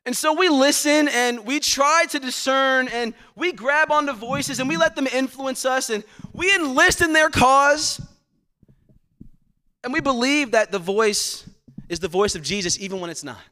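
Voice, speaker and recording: A man's voice: very high-pitched, measured pace, pushed and bright. A man as pastor delivering a sermon, earnest, repeating words as he presses his points. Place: church sanctuary.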